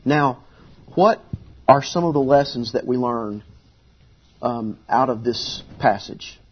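A man's voice: medium pitch, slow, slightly rough, lo-fi sound. A man preaching a sermon as pastor, earnest and conversational, repeating key phrases for emphasis.

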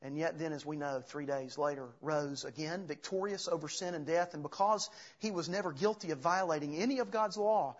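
Husky-voiced man preaching a sermon. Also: a little high, fairly quick, few pauses, highs cut off. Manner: earnest preaching, reading scripture aloud. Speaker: pastor.

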